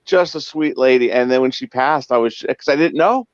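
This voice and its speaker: A man's voice: mid-range voice, normal speed, dry recording. A man telling casual stories in a chat, acting out the lines of the people in them. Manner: animated, acts out dialogue in quotes. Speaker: co-host, former cab driver. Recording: dull lo-fi dry sound.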